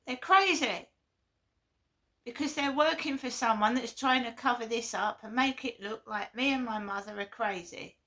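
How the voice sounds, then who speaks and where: Woman vlogger, fairly high and bright, earnest and insistent. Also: moderate pace. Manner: blunt, earnest, repeats herself. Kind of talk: impassioned monologue.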